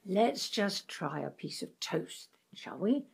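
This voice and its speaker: An actress playing a worn-out sister gently coaxing her brother who has dementia, slow and soothing. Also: on the low side, very animated, creaky, breathy edge, full character voice. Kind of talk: stage drama acting.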